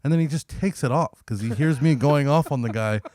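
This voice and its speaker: Podcast co-host, young man, mid-pitched, dry close mic, swears freely and acts out quotes as he tells stories. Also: brisk, dry recording. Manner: profane, animated storyteller who acts out quotes. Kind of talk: casual storytelling chat.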